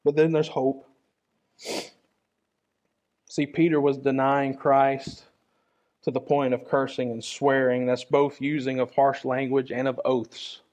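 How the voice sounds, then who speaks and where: A man's voice: medium pitch, little pitch movement, slow pace, pauses often, a little mellow. A man preaching a sermon in an earnest, conversational way, often repeating his key phrases.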